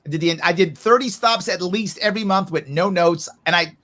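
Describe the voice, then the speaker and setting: An animated man in his forties, a podcast guest who speaks off the cuff in a slightly high voice. He laughs often and slips into quick character voices as he makes his points.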